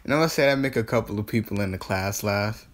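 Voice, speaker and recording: A man's voice: fairly low pitch, quick pace. Slangy man rambling through a fan story. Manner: rambling, slangy, full of fillers and self-corrections. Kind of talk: improvised fan-fiction storytelling.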